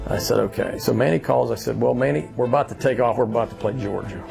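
A man from Louisiana tells his story with a gravelly edge to his voice, animated as he acts out what other people said. Music plays steadily behind him. He speaks as a guest, a baseball bat maker. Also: medium pitch, fast talker. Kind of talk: storytelling interview.

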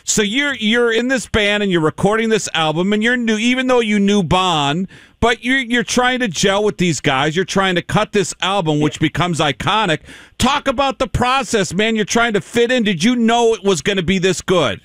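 A man hosting a radio interview, asking enthusiastic, drawn-out questions. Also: high-pitched, expressive, a bit bright, no room sound. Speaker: radio host.

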